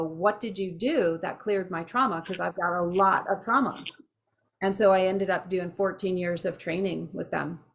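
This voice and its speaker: A woman's voice: medium pitch, vocal fry. Chatty woman teaching a healing class. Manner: chatty, animated storytelling with asides. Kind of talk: casual teaching to a small class.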